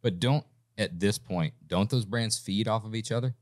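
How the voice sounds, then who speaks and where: A male podcast host with a very deep voice, asking laid-back, probing questions. The sound is dry and close, with no room around it. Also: normal speed, no echo. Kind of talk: casual interview.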